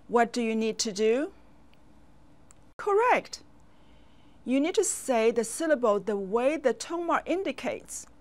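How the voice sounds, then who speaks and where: A woman teaching a children's language lesson in a slow, clear voice, pausing for the learner to repeat after her. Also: a little high.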